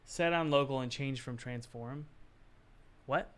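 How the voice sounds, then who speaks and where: A man's voice: medium pitch, measured pace. A man who develops games, thinking aloud to himself as he works, puzzled and muttering with sighs. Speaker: game developer. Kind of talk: thinking aloud while working.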